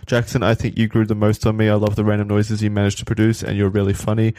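Low-voiced laid-back podcast host. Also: male voice, monotone, fast talker, dark tone, no room sound. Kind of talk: reading listener messages aloud.

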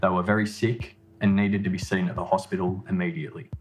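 A man reading a scripted narration in a measured, matter-of-fact way. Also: low voice, flat delivery. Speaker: podcast narrator.

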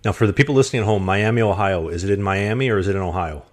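A man's voice: fairly low pitch, rapid-fire. A man hosting a casual podcast, joking and rambling in a self-mocking way. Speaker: podcast host.

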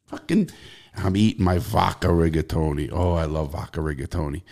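A man's voice: low voice, normal speed. A middle-aged man with a New York accent, telling stories bluntly as a podcast guest, swearing freely. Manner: profane, animated, blunt. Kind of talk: casual interview storytelling.

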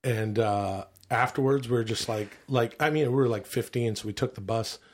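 A man from Canada, co-hosting a comedy podcast in loose, rambling banter, a bit hoarse and quick to swear. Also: mid-range voice. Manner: rambling, profane, restarts his stories. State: slightly hoarse. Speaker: podcast co-host.

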